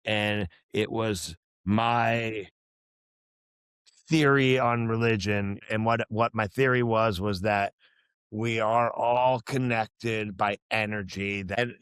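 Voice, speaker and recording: Low-voiced man telling a rambling story. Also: fairly even intonation, takes it slowly, a bit bright, clean tone, dry recording. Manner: rambling, many restarts and fillers; earnest, reflective. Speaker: podcast guest, musician. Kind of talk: casual storytelling chat.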